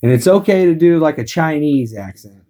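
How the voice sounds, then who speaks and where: A man's voice: fairly high pitch, lively intonation, moderate pace, mellow. A man telling crude comic stories as a podcast co-host, rambling and profane.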